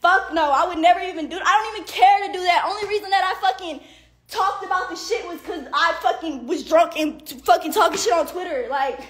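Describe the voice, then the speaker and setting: A young woman with a very high voice, venting on a livestream in a heated rant. She swears nonstop, leans on "like" and "bro", and sounds fed up. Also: a little fast, fairly bright tone. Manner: heavy profanity, repeated "like" and "bro"; indignant and exasperated, with bursts of laughter.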